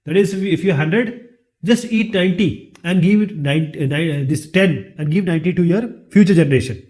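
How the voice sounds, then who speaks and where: Man, Indian English accent, high-pitched voice, classroom lecture, asks and answers his own questions. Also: brisk, a little mellow. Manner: repeats rhetorical questions and answers them himself. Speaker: teacher.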